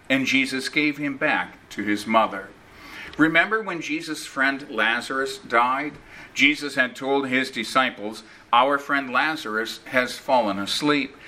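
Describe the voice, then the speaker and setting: A man preaching a sermon in a slow, earnest, emphatic manner, repeating key phrases. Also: medium pitch, pushed and bright, rough recording.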